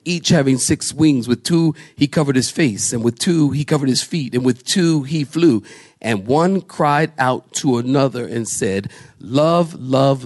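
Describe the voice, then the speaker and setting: A man's voice: mid-range voice, darkish tone. A man preaching a live church sermon, emphatic, lifting his voice on repeated words and asking the listeners questions. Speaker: pastor.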